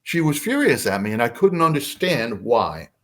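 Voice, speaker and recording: Older male guest, animated storyteller, swinging pitch, mid-range voice. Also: moderate pace. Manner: animated, acts out voices in his anecdotes. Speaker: podcast guest. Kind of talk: casual storytelling.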